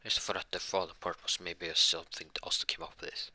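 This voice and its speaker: Low-voiced man rambling through a story. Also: little pitch movement, fairly quick, sharp tone. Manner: rambling, many restarts and fillers. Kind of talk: improvised fan-fiction retelling.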